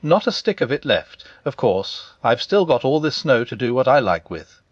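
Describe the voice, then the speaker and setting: A mournful old male donkey, put on by a man reading a storybook, sighing out each slow, self-pitying word. The voice swoops between low and lifted notes, close and dry, on a dull, muffled recording. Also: very animated, dry recording. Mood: gloomy.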